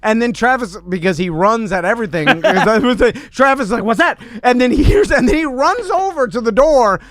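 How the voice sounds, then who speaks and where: A man's voice: very high-pitched, expressive, brisk, fairly bright tone. A man co-hosting a podcast in casual chat, telling stories with lots of fillers and frequent laughs. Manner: laughs often, storytelling with many fillers. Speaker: podcast co-host.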